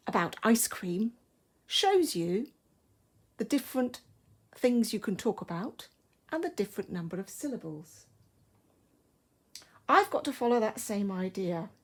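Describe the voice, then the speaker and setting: An English woman with a middle-pitched voice talks slowly and carefully to young children in a recorded lesson. She thinks aloud, step by step, as she writes. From England. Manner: slow, careful, thinking aloud while writing. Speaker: primary school teacher.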